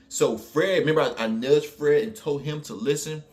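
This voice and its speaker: A man's voice: fairly high pitch, brisk, few pauses. A man with a New Orleans accent telling a story in a casual, colloquial way, full of fillers and asides. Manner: animated, colloquial, many fillers.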